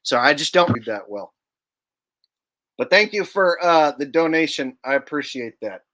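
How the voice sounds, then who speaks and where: Bright-voiced joking male streamer. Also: mid-range voice. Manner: joking, animated, casual swearing. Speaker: livestream host. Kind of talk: casual livestream chat reading super chats.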